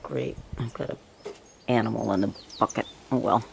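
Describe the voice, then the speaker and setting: A woman from Northern Michigan with a rough morning voice, chatting casually outdoors and pointing things out to the viewer as she films on a phone. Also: very deep voice, fairly even intonation, moderate pace, a little hiss or hum. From Northern Michigan, USA. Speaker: vlogger. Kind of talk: casual handheld vlog narration. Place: outdoors in a yard, wind and trees.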